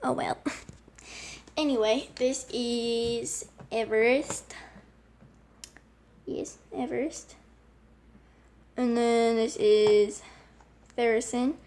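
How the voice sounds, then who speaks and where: High-voiced woman, slow scattered game chatter. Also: fairly even intonation, darkish tone, a little hiss or hum. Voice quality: voice cracks into squeaks at times. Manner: chatty, scattered, talks to her game animals and screen. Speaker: channel host showing a game collection. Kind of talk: casual screen-recording commentary.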